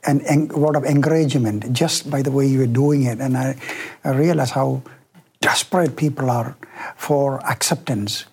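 A man's voice: mid-range voice, normal speed, creaky, darkish tone, husky. A man interviewing a guest, speaking hesitantly and searching for his words. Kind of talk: conversational interview.

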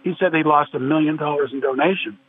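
A man's voice: a little high, quick pace. A man earnestly arguing a point of theology in a discussion, quoting scripture at length. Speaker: podcast guest. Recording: tinny phone-like line with faint noise.

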